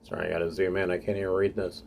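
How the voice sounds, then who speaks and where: A man narrating as game master of a tabletop game, unhurried and often clearing his throat. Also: deep voice, flat delivery, a little mellow, a little hiss or hum.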